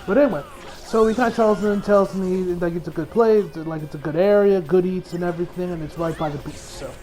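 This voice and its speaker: High-voiced man rambling through an anime review. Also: fairly quick, a little mellow, faint music behind, low-quality recording. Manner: rambling, frequent restarts, laughs often. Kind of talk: casual episode review.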